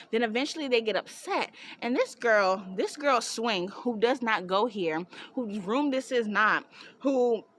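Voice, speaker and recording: A young woman telling an animated storytime, breaking into laughs and shouts as she goes. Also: fairly high pitch. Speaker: vlogger.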